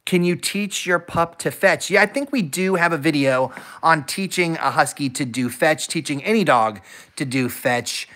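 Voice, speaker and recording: A man hosting a casual dog-training livestream, upbeat and energetic, chatting with viewers and praising his dog. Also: a little high, normal speed. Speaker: dog-training channel host.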